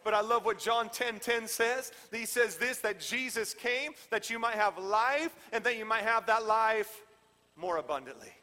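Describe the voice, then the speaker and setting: A man preaching a sermon as a pastor, repeating phrases and swinging from loud proclamations to hushed asides. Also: high-pitched, expressive, unhurried, in a large hall.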